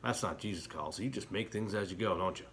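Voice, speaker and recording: A middle-aged man talking as an internet preacher, heated and emotional in places, quiet and somber in others. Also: low voice, fast talker, slight background noise. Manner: heated, talks with rising emotion and repeated apologies; quiet and somber when reflecting. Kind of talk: impassioned religious commentary.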